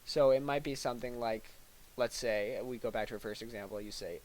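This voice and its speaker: A young man giving a deadpan parody lecture, halting and full of fillers, with mock-serious delivery and little acted-out asides. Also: medium pitch, slight background noise, poor audio.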